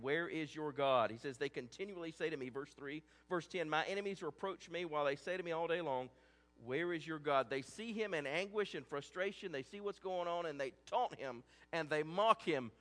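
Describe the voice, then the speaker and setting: A man's voice: on the high side, moderate pace, fairly bright tone, big-room sound. A man preaching a sermon as a pastor, earnest and conversational, often restarting his words.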